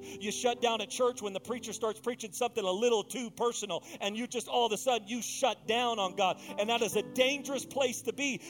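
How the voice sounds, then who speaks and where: A man's voice: very high-pitched, a bit bright. A male pastor preaching a passionate sermon, mixing conversational asides with emphatic, rising peaks.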